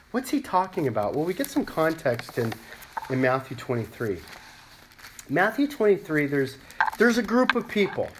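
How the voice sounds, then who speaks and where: Animated man preaching a sermon. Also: fairly high pitch, a little hiss or hum. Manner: emphatic, conversational preaching. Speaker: pastor.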